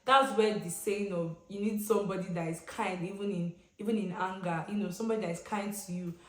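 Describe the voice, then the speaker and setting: A young Nigerian woman vlogger telling a casual storytime, chatty and expressive, with slang and pidgin asides. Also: mid-range voice, a little fast. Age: young adult. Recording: roomy echoey room.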